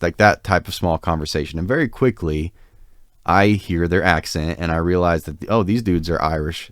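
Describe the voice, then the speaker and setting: A man's voice: deep voice, moderate pace, no room sound, clean studio sound. A man co-hosting a podcast, telling a long anecdote in a casual, rambling way with lots of fillers. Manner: rambling, filler-heavy, self-deprecating. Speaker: podcast co-host. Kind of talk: casual storytelling.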